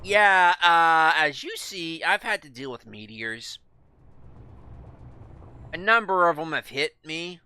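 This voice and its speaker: Male gaming commentator, bright and crisp tone, casual, rambling with fillers. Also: on the high side, big pitch swings, measured pace, pauses often. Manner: rambling, thinks aloud with many fillers and restarts. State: speaking with his mouth full. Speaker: gaming video creator.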